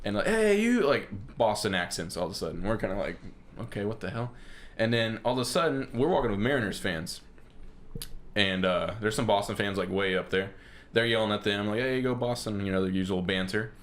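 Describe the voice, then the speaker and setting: A man's voice: fairly low pitch, fast talker, fairly bright tone. A man co-hosting a podcast, telling a rambling story casually with many fillers and acted-out quotes. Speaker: podcast co-host.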